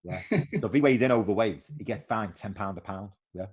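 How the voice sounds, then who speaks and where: Deep-voiced Liverpudlian man telling stories. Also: brisk, slightly rough. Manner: animated storyteller acting out quoted voices. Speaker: former footballer guest. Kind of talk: casual anecdotal interview.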